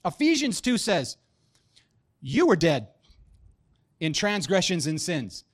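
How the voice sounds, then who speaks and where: Pastor, male, 30s, sermon delivery, lively and joking, slightly high voice. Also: takes it slowly, long pauses. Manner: animated, joking, builds to emphatic punches.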